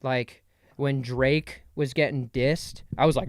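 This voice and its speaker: A man's voice: mid-range voice, fairly even intonation, takes it slowly, no room sound. A young man hosting a podcast solo, rambling playfully in a casual comedic monologue. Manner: rambling, playful, jumps between bits. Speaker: podcast host.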